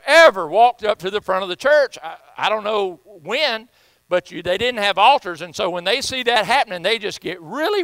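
A man's voice: high voice, sharp tone, dry recording, rough recording. A man with a Southern US accent preaching a sermon as pastor, folksy and joking, often repeating himself.

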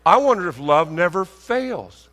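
Preacher guy, pretty high voice, animated storytelling sermon, big hall reverb. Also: a little slow. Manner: animated, acts out dialogue, rhetorical questions.

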